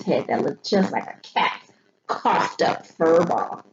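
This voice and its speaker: A woman teacher reads a picture book aloud for young pupils at an unhurried pace. Her voice swoops up and down as she brings the story to life and stops to ask the children questions. The recording sounds dull and lo-fi, with a noticeable hiss underneath. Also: lowish voice. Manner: expressive storyteller, pauses to ask the class questions. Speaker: third grade teacher. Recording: dull lo-fi audio with noticeable noise.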